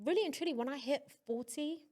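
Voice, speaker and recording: A woman's voice: high voice, fast talker, a little mellow. A young woman co-hosting a podcast, teasing and emphatic in casual chat with a friend. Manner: teasing, emphatic, laughs often. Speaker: podcast co-host.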